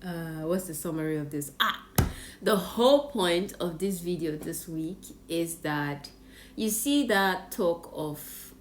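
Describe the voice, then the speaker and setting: Nigerian-accented woman vlogger, lower voice, animated and laughing, faint background noise. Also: takes it slowly. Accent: Nigerian English. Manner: animated, expressive storytelling with frequent laughter. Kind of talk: storytime vlog. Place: Japan.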